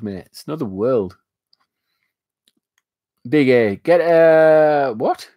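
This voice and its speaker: A man's voice: mid-range voice, slow pace, pauses often, a little mellow, no room sound, clean studio sound. A man with a Northern English accent, mixing northwest and northeast, hosting a casual live stream and chatting with his viewers in a rambling way, full of fillers. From north of England. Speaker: live stream host reading chat.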